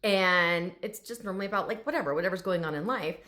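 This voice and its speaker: A woman who works as an animal communicator, telling a story in a chatty, animated way, full of fillers. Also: lowish voice, fast. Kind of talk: casual storytelling to camera.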